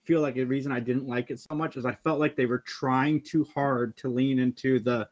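A man in casual group chat, giving measured, critical opinions. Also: mid-range voice, fairly even intonation, darkish tone. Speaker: podcast panelist.

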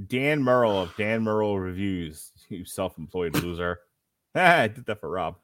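A man's voice: on the low side, lively intonation, measured pace, fairly bright tone, a little hiss or hum. A man hosting a podcast movie review, reading critics' quotes with joking asides in casual chat. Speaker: podcast host.

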